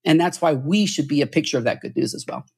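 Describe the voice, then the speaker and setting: A man with a husky voice talks as a podcast guest, earnest and preachy. He restarts his phrases often and climbs higher in pitch when a point moves him. His delivery is heartfelt and insistent. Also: expressive, quick pace. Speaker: podcast guest, church author. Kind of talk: podcast interview.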